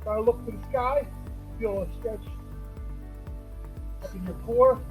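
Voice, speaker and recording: A woman fitness instructor calmly explaining and guiding a stretching cool-down. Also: a little high, unhurried, soft background music, rough recording.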